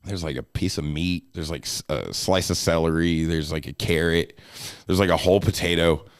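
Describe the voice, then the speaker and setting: A man is spinning a casual, comic story as a podcast guest. He is animated and laughs through his lines. He swears casually. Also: low voice, normal speed.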